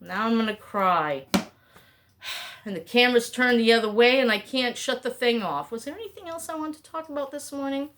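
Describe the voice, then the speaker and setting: A woman's voice: mid-range voice, fairly bright tone. A middle-aged woman vlogging at home in a rambling, chatty way, often breaking off her own thoughts. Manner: rambling, chatty, frequent self-interruptions. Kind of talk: casual talking-head chat.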